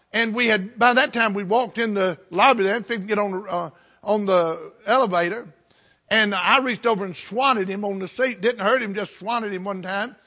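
Older male preacher, high bright voice, plainspoken folksy storyteller. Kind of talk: storytelling sermon.

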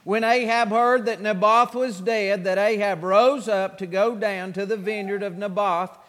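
Male pastor, sermon, scripture read louder, bright tense tone, reverb. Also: sits high, fairly even intonation, a little slow.

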